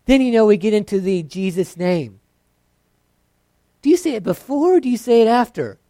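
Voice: mid-range voice, sing-song, normal speed, mellow, no room sound. A preacher giving a sermon in a conversational, self-deprecating way.

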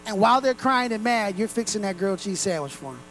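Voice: medium pitch, expressive, quick pace, a bit bright, a little hiss or hum, poor audio. A pastor preaching a sermon to a congregation in a room, earnest and direct.

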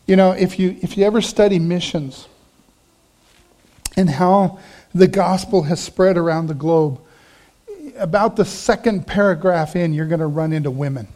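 A man's voice: high voice, moderate pace, long pauses, dark tone. A middle-aged male pastor from the United States preaching a sermon, telling stories and playing up the voices of the people he quotes.

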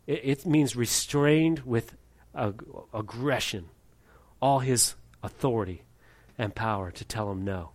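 A man delivers a sermon with animated emphasis, leaning into the story as he preaches. His voice sits at a middle pitch. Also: unhurried. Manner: animated preaching, acts out voices and reads scripture aloud. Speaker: pastor.

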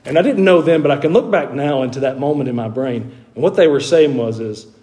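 A man's voice: medium pitch, fairly quick, warm tone. A middle-aged male pastor telling his own conversion story in a sermon, folksy and earnest, sometimes repeating words as he presses a point.

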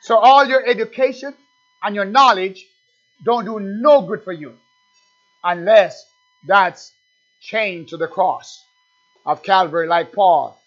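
A man's voice: high-pitched, takes it slowly, long pauses, a bit bright. A man preaching a sermon in a conversational way, often repeating words and asking his listeners questions. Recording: dull lo-fi recording with faint music.

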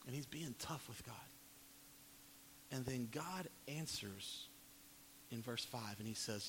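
A man preaching a sermon, reading scripture dramatically, rising to loud pleading and dropping to quiet, low emphasis. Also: slow, creaky, long pauses. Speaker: pastor. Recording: long hall reverb, faint hiss.

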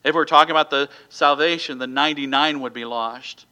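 Male preacher with a bright, slightly high voice, reading scripture and preaching with call-and-response asides. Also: fairly quick, smooth, poor audio. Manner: reads King James scripture aloud, then preaches with "Amen?" asides.

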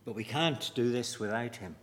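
A man preaching a sermon, deliberate and emphatic, with measured pauses. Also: medium pitch, fairly bright tone. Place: church. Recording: long reverb of a church hall.

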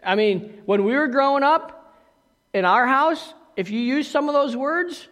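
A man's voice: very high-pitched, unhurried, fairly bright tone, big-room sound. A man preaching a sermon as pastor, talking conversationally with asides and questions to the congregation.

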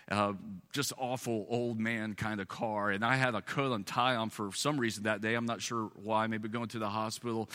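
A man's voice: on the low side, sharp tone, in a large hall. A man preaching a sermon as pastor, telling stories earnestly and building to emphatic peaks.

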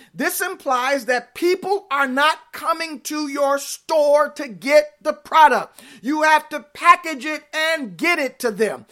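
A woman, preaching a sermon in an animated, playful way full of rhetorical questions. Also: sits high.

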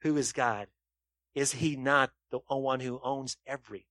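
A man delivering a sermon to his congregation, asking rhetorical questions and swinging between loud emphasis and quiet, low asides. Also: fairly even intonation, normal speed, dry recording. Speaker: pastor.

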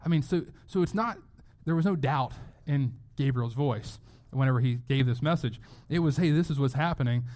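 This middle-aged pastor has a medium-pitched voice and speaks at normal speed. His sermon is conversational and animated, and he acts out the quotes of the people in his story.

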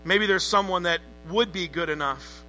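A man's voice: sits high, normal speed, sharp tone, soft background music, rough recording. A man preaching a sermon to a congregation, emphatic and calling on them to answer back. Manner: emphatic, calls for congregation responses. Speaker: pastor.

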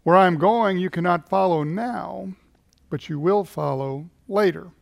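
A man voicing a calm, compassionate teacher, speaking gravely and in a measured way. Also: high-pitched, no echo, studio quality, exaggerated voice.

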